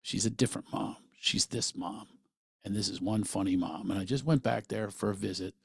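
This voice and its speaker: A middle-aged man hosting a podcast, telling a personal story in an animated way and acting out what others said. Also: on the low side, normal speed, creaky, slightly rough, no echo, clean studio sound. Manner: animated, quotes people in lively voices. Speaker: podcast host.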